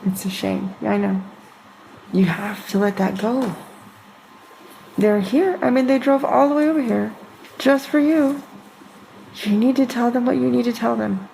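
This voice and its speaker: A woman medium speaking gently and slowly to a spirit, coaxing it to let go. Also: a little high, fairly even intonation, creaky, slight background noise, low-quality recording. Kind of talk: speaking to a spirit during a house clearing.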